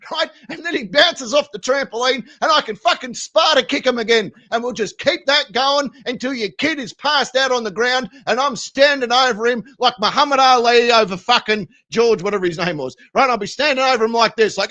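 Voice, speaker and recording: A man with an Australian accent, streaming and ranting crudely, swinging between loud outbursts and low mumbles. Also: a little fast, hardly any pauses. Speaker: streamer reacting to videos. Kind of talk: crude comedic rant.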